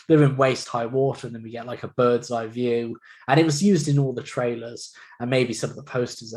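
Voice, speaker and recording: Male podcast co-host, mid-pitched, loose and chatty, laughs easily. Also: a little mellow, poor audio. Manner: rambling, laughs often, many fillers. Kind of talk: casual film chat.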